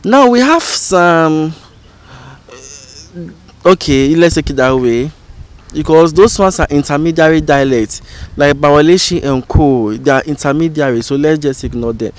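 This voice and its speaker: A man teaching an informal lesson as a channel host, explaining slowly and repeating example phrases. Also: on the high side. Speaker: language educator and channel host.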